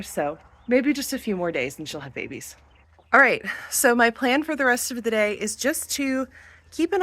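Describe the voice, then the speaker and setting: A woman in her thirties or forties talks through her farm chores in a casual vlog. Her pitch swings up and down a lot as she chats. She films on a handheld camera, outdoors and in the barns. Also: fairly bright tone, dry recording. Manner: chatty, talks sweetly to animals. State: out of breath at times. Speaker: farm vlogger. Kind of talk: casual vlog narration while doing chores. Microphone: handheld camera, she films herself.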